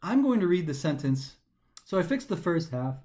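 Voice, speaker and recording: A man teaching a recorded grammar lesson for a test, talking animatedly and slowing down to stress the pauses as he reads sentences aloud, sometimes tripping over his words. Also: on the high side. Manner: animated, emphatic, slows down to stress pauses when reading aloud. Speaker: test prep instructor.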